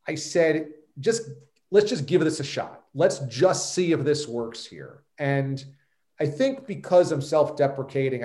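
A man's voice: mid-range voice, darkish tone, echoey room. A man, talking as a podcast guest who tells his story in a confident, emphatic way. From New York. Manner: emphatic and self-assured storytelling. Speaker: guest, sports radio host. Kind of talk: podcast interview.

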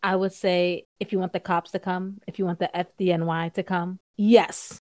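An American woman talks loud and fast in a relaxed podcast conversation. Her voice sits a little low and sounds close and dry, with laughter breaking in often. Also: no echo. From United States. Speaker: podcast guest. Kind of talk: casual podcast chat.

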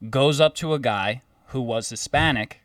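A young man co-hosting a casual chat, joking and chiming in with quick interjections. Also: medium pitch, clean tone, no room sound, studio quality, far from the mic. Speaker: podcast co-host.

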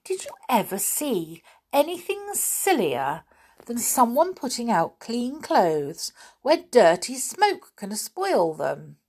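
A sensible little girl from a children's storybook giggles and scolds in a high, swooping voice, as a woman reads her part. She draws her words out slowly and lets them leap upward. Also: huge pitch swings, darkish tone, breathy edge, heavily acted. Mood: lively, scolding. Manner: giggly, easily annoyed.

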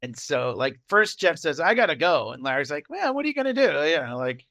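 Lively high-voiced man with gravelly edge. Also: a little fast. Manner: animated, acts out lines in loud shifting voices. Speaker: podcast co-host. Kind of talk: casual chat recapping a TV episode.

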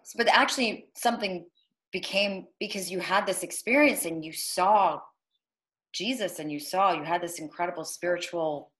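A woman interviewer offering soft affirmations and gentle follow-up questions. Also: fairly low pitch, moderate pace, low-quality recording.

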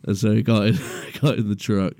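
A man's voice: fairly low pitch, little pitch movement, moderate pace, dark tone, no echo, studio quality. A young man in a garage, telling a story as podcast co-host in a laid-back, sweary way and laughing along. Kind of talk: casual storytelling chat.

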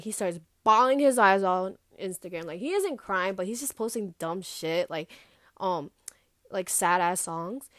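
A young woman vlogger retells a personal story in a loose, casual way, animated throughout and full of fillers and swearing. Her voice is mid-range, with clean studio sound and no room sound.

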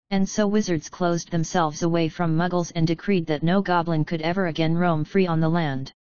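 A woman's voice: fairly low pitch, a little mellow, clean tone, dry recording, highs cut off, lightly acted. A woman voicing a small, proud, bitter male goblin leader who gives a grand speech in a raw, emotional voice.

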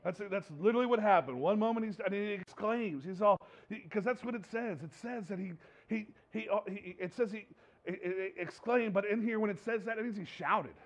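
A man preaching a sermon in a lively, repetitive way, stumbling over words and acting out the people he quotes. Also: sits high, a little fast. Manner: animated, repeats himself, acts out quotes. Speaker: pastor. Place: church hall with slides.

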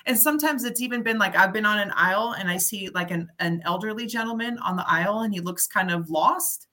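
A middle-aged woman in casual chat, telling an animated story and acting out the people she quotes. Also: mid-range voice, a little fast.

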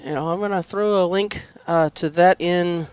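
Male podcast co-host, high-pitched, friendly and inviting, dry sound. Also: fairly even intonation, normal speed, darkish tone, clear, resonant tone, no room sound. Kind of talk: casual sign-off chat.

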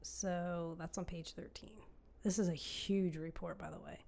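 A woman's voice: on the low side, steady tone, a little slow, a little mellow. A woman co-hosting a casual political podcast, often restarting her sentences and reading aloud from a report. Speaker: podcast co-host.

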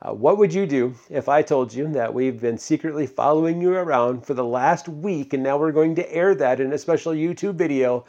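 A pastor preaching a casual, conversational sermon, full of fillers and questions to the congregation. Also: male voice, fairly high pitch, moderate pace, few pauses, a little mellow, lo-fi sound.

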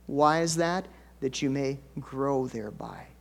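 Chatty middle-aged male pastor preaching. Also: a little slow. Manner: folksy and chatty, with sudden high excited bursts and soft low asides. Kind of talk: conversational sermon.

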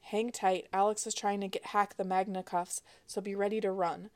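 A woman's voice: medium pitch, level tone, moderate pace, a little mellow, lightly acted. Woman doing an outlaw uncle, short and urgent.

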